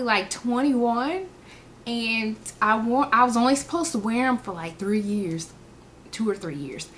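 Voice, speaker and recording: A woman, telling funny personal stories in an animated way and acting out the quotes. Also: fairly high pitch, a little hiss or hum. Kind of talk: casual storytelling vlog.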